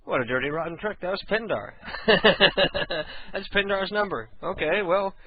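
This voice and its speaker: A man's voice: high voice, a little slow, husky. Crude offhand male radio host. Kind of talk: casual radio show chat. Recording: phone-like lo-fi sound with loud music. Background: loud music.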